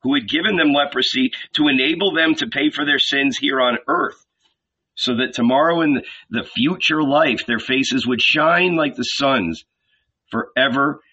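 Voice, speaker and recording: A man reading a novel aloud in a measured, deliberate, dramatic way, on a dull lo-fi recording. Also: medium pitch, bright, forceful tone, slightly rough. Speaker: audiobook reader.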